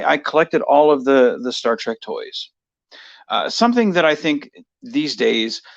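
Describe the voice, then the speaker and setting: A man's voice: medium pitch, a bit bright, muffled recording. A man rambling through a casual personal monologue for his video, full of fillers and restarts. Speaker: vlogger.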